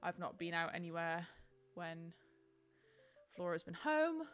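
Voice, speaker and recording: A woman's voice: lowish voice, very animated, measured pace, clean tone, faint music behind. Chatty woman streamer. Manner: chatty, rambling, frequent ums and likes. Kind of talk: casual chat on a live stream.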